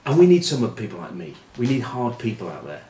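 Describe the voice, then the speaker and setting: A middle-aged man telling rugby stories and giving predictions, wry and self-mocking, often trailing off into quiet asides. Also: mid-range voice, big pitch swings, fast talker. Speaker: rugby pundit. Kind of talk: anecdotal storytelling preview. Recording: echoey room with faint ambient noise.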